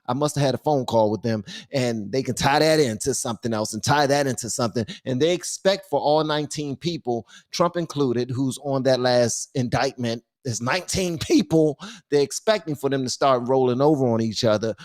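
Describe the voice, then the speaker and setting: Man, live reaction host, casual slangy talk, dry close sound, mid-pitched voice. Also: no echo. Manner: slangy, animated, thanks viewers by name.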